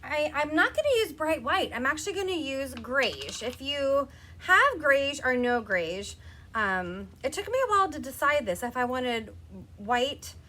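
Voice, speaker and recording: Bright, chatty woman demonstrating crafts. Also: sits high, very animated, measured pace. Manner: chatty, laughs often, talks to viewers by name. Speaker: craft demonstrator on a live stream.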